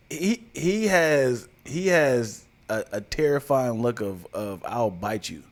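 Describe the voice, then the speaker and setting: A man's voice: mid-range voice, animated, takes it slowly. A man co-hosting a podcast, teasing his partner in slangy, laughing banter. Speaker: podcast co-host. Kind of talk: casual chat.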